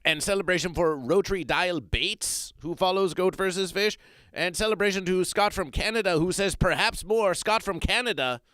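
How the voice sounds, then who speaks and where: Man with a smooth, dry, grandiose manner. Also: sits high, fairly bright tone, no echo. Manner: speaks of himself in the third person in stilted, grandiose phrasing; repeats phrases deliberately. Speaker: livestream host reading chat. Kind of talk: comedic livestream chat.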